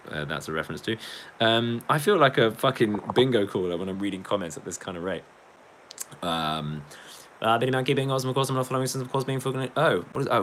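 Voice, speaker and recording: A low-voiced man rambles through a casual livestream, reading comments aloud and swearing freely between laughs. A faint hum of ambient noise sits behind his voice. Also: fairly bright tone. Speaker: livestreaming musician reading chat.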